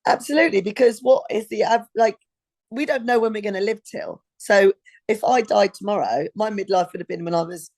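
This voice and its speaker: A woman's voice: mid-range voice, a little fast, darkish tone. A woman in her fifties co-hosting a podcast in casual chat, rambling and hunting for words with fillers. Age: 50s. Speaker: podcast co-host.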